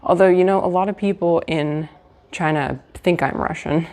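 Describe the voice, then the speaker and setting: A woman's voice: lowish voice, normal speed, a little mellow. A woman from the United States chatting casually on a live stream from a hotel room, rambling with lots of fillers and restarts. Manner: trying to keep her voice down. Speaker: livestreamer.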